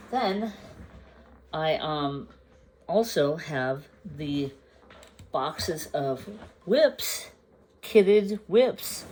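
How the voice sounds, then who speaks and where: A woman crafting vlogger chatting casually to the camera. She shows her projects at an unhurried pace, pausing to gather her thoughts and sometimes asking the viewers questions. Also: sits low, darkish tone, slight background noise. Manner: unhurried, chatty, meandering with pauses. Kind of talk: casual show-and-tell chat to camera.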